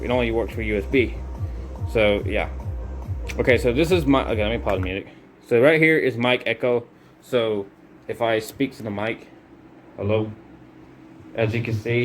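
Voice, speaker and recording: A man's voice: mid-range voice, moderate pace, pauses often, soft background music. A man giving a casual product review demo, talking loosely and correcting himself as he thinks aloud.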